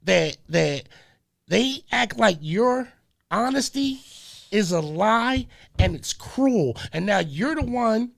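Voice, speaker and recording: A man's voice: high-pitched, animated, slow, creaky. A male radio host in a community conversation, preachy, who keeps repeating phrases and stopping to say hold on, wait a minute.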